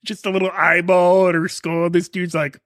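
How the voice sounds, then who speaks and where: A man's voice: sits high, little pitch movement, normal speed, a bit bright, no echo, studio quality. A man co-hosting a podcast in casual, crude banter, joking and laughing often. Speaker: podcast co-host. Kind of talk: casual chat.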